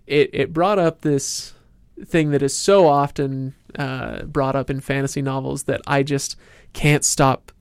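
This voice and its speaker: A man's voice: medium pitch, steady tone, unhurried, few pauses, clean tone, no room sound. A man hosting a casual book discussion podcast, steering the talk with questions and dry self-mocking jokes. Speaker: podcast host.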